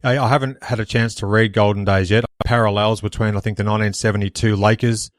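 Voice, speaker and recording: Male host, earnest wordy questioner, low monotone delivery. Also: quick pace, dry recording, clean studio sound. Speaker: podcast host. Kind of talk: interview questions.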